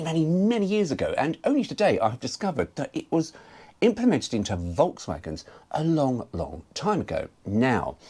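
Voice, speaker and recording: A man hosting a casual car vlog, animated and jokey, rambling from one aside to the next. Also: mid-range voice, husky, no room sound. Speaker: host.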